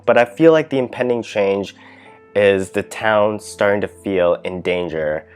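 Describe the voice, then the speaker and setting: A man hosting a casual writing vlog, chatty and thinking aloud, his voice dipping at the ends of phrases. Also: low-pitched. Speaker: vlog host, writer.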